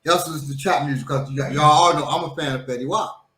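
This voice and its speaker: Bright-voiced man telling stories. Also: a little high, fast talker, reverberant. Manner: animated storyteller, mimics voices. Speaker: podcast co-host. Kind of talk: casual panel chat.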